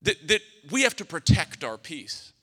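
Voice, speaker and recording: A man's voice: on the high side, big pitch swings, normal speed, bright, forceful tone. A man, preaching a sermon as pastor with emphatic repeated phrases and rhetorical questions. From South Louisiana, US. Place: church sanctuary. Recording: long hall reverb from a church sanctuary.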